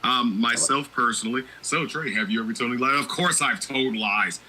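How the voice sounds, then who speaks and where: A man in his thirties hosting a casual podcast chat, playful and drawling, low on energy. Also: fairly quick, crowd noise, poor audio. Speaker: podcast host.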